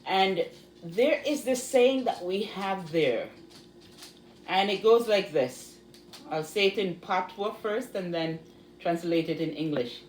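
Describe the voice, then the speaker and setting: A woman's voice: lowish voice, animated, slow, a little mellow. A woman from Jamaica with a Jamaican accent, talking casually to her viewers in a vlog and repeating words for emphasis. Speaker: vlogger. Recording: echoey room with faint noise.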